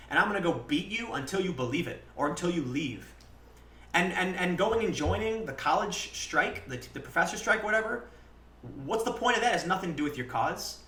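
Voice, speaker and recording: A man in his thirties talks through a casual live-stream monologue, blunt and full of swearing, and slips into animated quoted lines from his own past. His voice is bright and forceful. The room around him is echoey. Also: on the high side. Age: 30s. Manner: blunt and profane, with frequent restarts.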